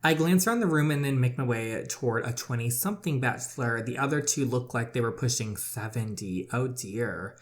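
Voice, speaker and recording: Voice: medium pitch, expressive, normal speed, few pauses. A let's-play gamer reading a romance story game aloud with sassy, chatty commentary.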